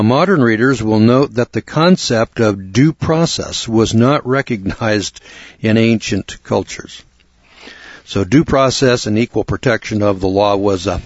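Low-voiced man giving a measured Bible lecture. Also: no echo. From United States. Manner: measured, deliberate, with occasional throat clearing. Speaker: Bible teacher. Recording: dull, dry recording.

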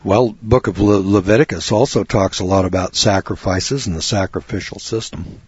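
A man telling a folksy, animated story in a lecture, acting out both sides of a conversation. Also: deep voice, slightly rough, no room sound, dull audio. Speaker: speaker on law and scripture.

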